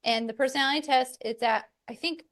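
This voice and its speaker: A woman co-hosting a family podcast in casual chat, talking in a lively way and laughing easily. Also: high voice, fast. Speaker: podcast co-host.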